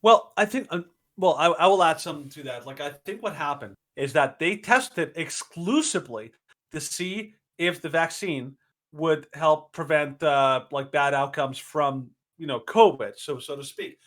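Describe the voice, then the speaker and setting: Male co-host, slightly high voice, rambling, filler-heavy delivery. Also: a little slow, a bit bright. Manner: rambling, many fillers and restarts. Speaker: podcast co-host. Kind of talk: casual opinion chat.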